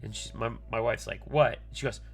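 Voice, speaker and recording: A man's voice: fairly low pitch, monotone, fast talker, gravelly, soft background music. A man in his thirties, a streamer telling a long rambling story full of fillers while he works on a keyboard, muttering asides to himself. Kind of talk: casual storytelling while working.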